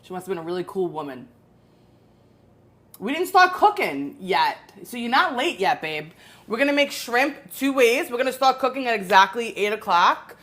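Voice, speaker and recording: A woman's voice: on the high side, very animated, normal speed, fairly bright tone. Chatty woman hosting a live cooking stream. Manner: chatty, greets viewers, rambling asides. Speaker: cooking show host.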